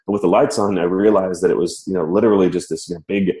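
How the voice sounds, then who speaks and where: A man telling a personal story in casual talk, animated and self-mocking, laughing as he goes. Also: deep voice, quick pace. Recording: roomy echo.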